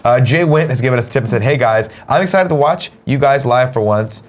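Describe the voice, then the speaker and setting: A man hosting a morning talk show, reading viewer tips aloud in a wry, animated way, a little stuffed up. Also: medium pitch, a little fast. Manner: wry, animated, swears casually. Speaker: host.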